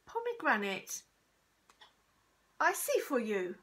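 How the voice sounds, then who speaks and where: A woman voicing a generous, lively elderly male shopkeeper who speaks in broken English. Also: a little high, slow pace, full character voice. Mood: kindly. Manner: broken English, warm exclamations.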